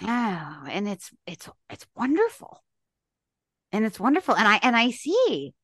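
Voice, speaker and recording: A woman hosting a podcast in casual conversation, animated and emphatic. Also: fairly high pitch, a little slow, no room sound, clean studio sound. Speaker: podcast host.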